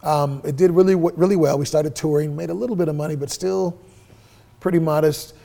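Swearing freely, a middle-aged musician being interviewed casually spins stories and acts out the lines he quotes. He speaks fairly quickly in a creaky voice on the high side.

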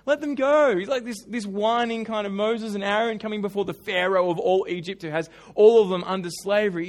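A man preaching a sermon, telling animated stories with humorous asides. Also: sits high. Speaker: pastor.

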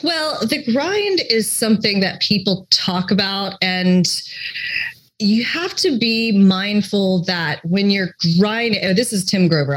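Chatty low-voiced woman co-host. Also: low-quality recording. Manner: chatty, many "like" fillers. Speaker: podcast co-host. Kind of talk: casual chat.

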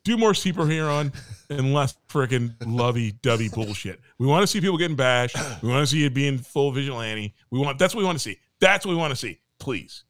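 A man's voice: medium pitch, lively intonation, brisk, fairly bright tone, slight background noise. A man co-hosting a casual podcast chat and ranting animatedly, with some profanity. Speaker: podcast co-host.

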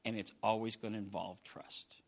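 A middle-aged man preaching a sermon, swinging from loud bursts down to hushed near-whispers. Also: on the low side, little pitch movement, moderate pace, gravelly. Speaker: pastor.

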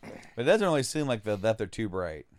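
Lively, rambling male podcast co-host. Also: lowish voice, a little fast, dry recording. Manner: rambling, laughs often, full of fillers. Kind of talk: casual comic book recap chat.

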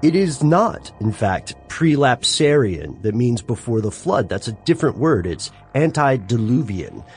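A man co-hosting a casual podcast, talking in an animated, emphatic way and laughing often. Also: medium pitch, unhurried, soft background music. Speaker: podcast co-host.

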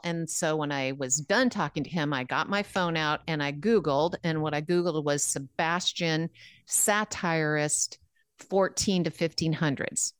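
Woman host, low-pitched, clear and smooth; earnest casual storyteller, dry close sound. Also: no room sound. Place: home room.

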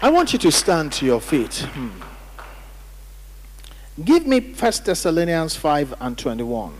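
A man's voice: a little high, very animated, unhurried, slight background noise. A man preaching a sermon as pastor, emphatic, calling on the congregation to read and repeat after him. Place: church hall during service. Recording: church hall reverb.

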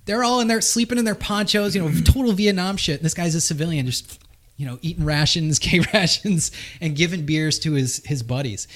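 A man's voice: fairly high pitch, brisk. A man with a Boston accent hosting a casual chat, telling a story with a rambling, profane manner and many restarts. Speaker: podcast host.

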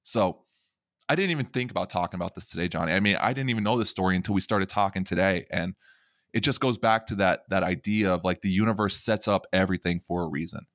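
A middle-aged man with a very low voice talks on a podcast in an earnest, reflective way, often repeating his words as he goes. The recording is close and completely dry. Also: fast, a bit bright, no room sound. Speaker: podcast host. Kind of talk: emotional conversational podcast talk.

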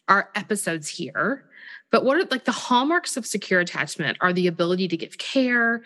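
Lady in her 30s on a parenting podcast, chatty, acts out little convos, long reverb. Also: fairly low pitch. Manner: animated, chatty, often acts out parent and child lines. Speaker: podcast co-host. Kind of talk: casual parenting podcast chat.

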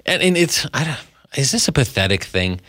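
A man's voice: medium pitch, very animated, a little fast, fairly bright tone, dry recording, studio quality. A man co-hosting a podcast, chatting casually in a laid-back, self-deprecating way. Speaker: podcast co-host. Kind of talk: casual chat.

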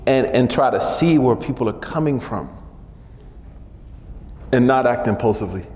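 A man's voice: mid-range voice, lively intonation, normal speed, a little mellow, big-room sound. A man giving an informal religious lesson in a casual, chatty way, often tacking "man" onto his sentences. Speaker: religious teacher.

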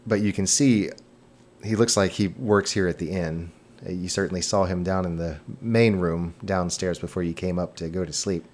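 Low-voiced man narrating as game master. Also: moderate pace. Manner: relaxed, descriptive narration with fillers.

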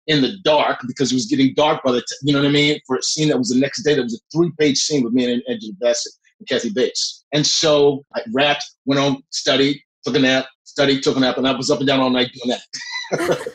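A middle-aged man, a guest actor, telling a long behind-the-scenes story in a lively way, often breaking into laughs. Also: mid-range voice, low-quality recording. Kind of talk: anecdotal storytelling.

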